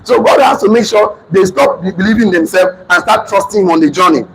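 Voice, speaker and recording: A man in his thirties with a Nigerian accent, giving an emphatic motivational seminar talk, often shouting and repeating lines for his audience. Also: high voice, brisk, over a noisy crowd. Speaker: motivational speaker. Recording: noisy room recording.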